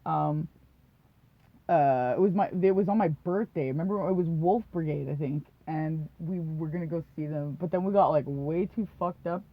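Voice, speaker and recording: Her voice sits low and moves at a normal pace as she co-hosts a podcast, meandering through profane tales, laughing a lot and acting out what others said. It's a dull, dry, lo-fi recording.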